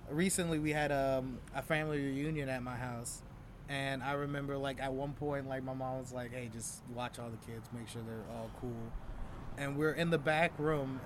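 A young man and stand-up comedian talking casually and reflectively, getting animated when he acts out scenes. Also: medium pitch, a little hiss or hum. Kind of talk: casual chat.

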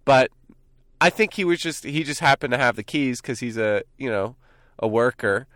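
A young man from New Jersey hosts a loose, joking podcast chat, recorded outdoors with a close, dry sound. He talks at an easy mid pitch and rambles through stories with plenty of fillers. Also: expressive, normal speed, a bit bright, no echo. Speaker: podcast host. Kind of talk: casual chat. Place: outdoors by a canyon overlook.

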